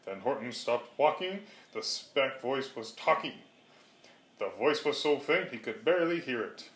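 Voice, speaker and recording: A man's voice: mid-range voice, animated, measured pace, fairly bright tone, a little hiss or hum. A man reading a rhyming storybook aloud with a rhythmic, sing-song delivery. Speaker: reader. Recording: roomy echo.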